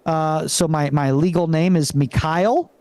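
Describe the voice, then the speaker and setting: A young stand-up comedian from Venezuela works the crowd with a halting delivery, stumbling through fillers and restarts. His voice sits fairly high for a man. It comes through a stage mic and sounds dry and close. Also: steady tone, a little mellow, clear, resonant tone, dry recording. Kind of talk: live stand-up set.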